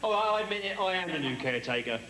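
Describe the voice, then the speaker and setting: A man playing a loud, mocking male headmaster, in a comedy sketch. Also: sits high, animated, fast talker, faint music behind. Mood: brash. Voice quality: loud, mocking, rough-edged. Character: brash cockney male headmaster prankster. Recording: loud audience laughter behind.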